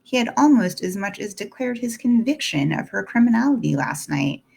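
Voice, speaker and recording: A woman reading a classic novel aloud in the first person, steady and deliberate. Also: medium pitch, vocal fry, breathy edge. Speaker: audiobook narrator. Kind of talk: scripted narration of a classic novel.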